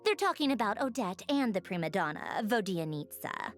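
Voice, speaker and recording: An actress voicing a composed adult woman in a fantasy video game, speaking in a measured, gracious, informative way. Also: medium pitch, sing-song, faint music behind, natural voice.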